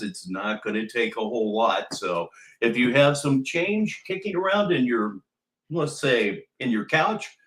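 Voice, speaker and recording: A man hosting a commentary livestream, speaking in a wry, mocking and deliberate way. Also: medium pitch, a bit bright, roomy sound. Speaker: livestream host.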